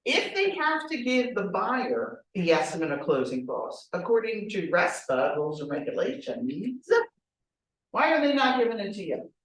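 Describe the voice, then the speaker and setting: A woman running a training class talks in a direct, animated way and keeps asking rhetorical questions. She stands some way from the microphone. Her voice rings through a very echoey room. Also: mid-range voice, normal speed, distant mic. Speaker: real estate trainer.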